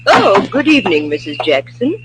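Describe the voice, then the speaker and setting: A woman's voice: mid-range voice, huge pitch swings, normal speed, background noise. A woman playing a wary female spy, anxious and cautious, in 1940s radio acting style. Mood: sweet.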